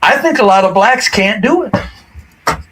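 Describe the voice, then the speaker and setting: Blunt, profane man with a higher voice. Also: animated, a little slow, a bit bright, slightly rough. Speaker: co-host. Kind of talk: casual podcast chat. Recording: noisy audio.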